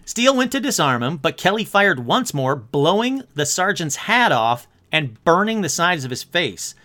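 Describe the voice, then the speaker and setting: A man narrates in a chatty, joking way, reading passages aloud and then commenting on them. His voice sits high and bright, with a lot of swing in the pitch. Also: sing-song, moderate pace. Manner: jokey, chatty asides and wry comments. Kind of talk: casual storytelling with read-out passages.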